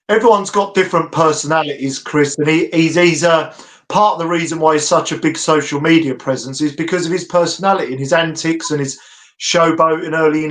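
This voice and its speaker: A man's voice: fairly high pitch, fairly bright tone. A British man ranting animatedly as co-host of a casual boxing podcast, laughing often.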